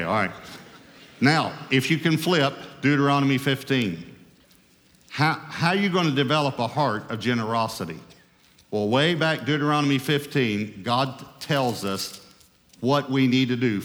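A man delivers a sermon as pastor, leaning hard on key phrases in emphatic, rising and falling waves. His voice sits at an ordinary male pitch. A long reverb trails after him, as in a large church sanctuary. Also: fairly bright tone.

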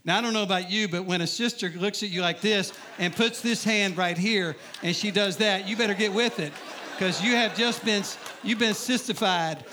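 Middle-aged preacher guy, pretty high voice, joking his way through his testimony. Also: normal speed, noisy background. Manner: humorous storytelling, asks the crowd. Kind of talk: sermon testimony.

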